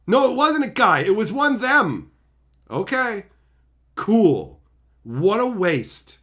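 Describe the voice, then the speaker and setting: A man rants on his own channel, swearing constantly and dripping with sarcasm. His voice sits fairly high and leaps up and down as he gets worked up. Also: very animated, slow pace, sharp tone. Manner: mocking voices of imagined critics. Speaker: channel host. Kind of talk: profane opinion rant.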